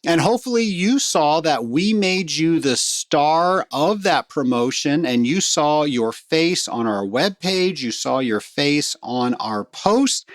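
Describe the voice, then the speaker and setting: A man's voice: on the high side, no echo. A middle-aged man hosting a podcast, telling stories in a chatty way and speaking straight to his listeners. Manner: chatty storyteller, warm asides to listeners. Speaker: podcast host. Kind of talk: casual podcast monologue.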